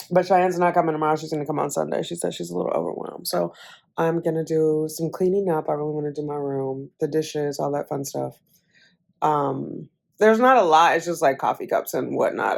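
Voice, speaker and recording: A woman's voice: sits low, vocal fry. A young adult woman vlogging in a casual, chatty way about her day. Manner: chatty, animated storytelling. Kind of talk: casual vlog chat.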